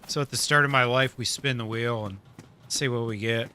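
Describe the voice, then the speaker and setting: A man's voice: mid-range voice, fairly even intonation, normal speed, sharp tone, a little hiss or hum. A man live-streaming a survival game, chatting casually with his viewers, laid-back, laughing often and swearing freely.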